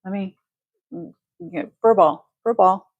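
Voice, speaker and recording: A woman's voice: medium pitch, expressive, a little slow, vocal fry, no room sound, lo-fi sound. Chatty woman hosting a livestream. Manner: chatty, effusive, thanks viewers warmly. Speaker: livestream jewelry seller. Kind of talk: casual live-stream chat.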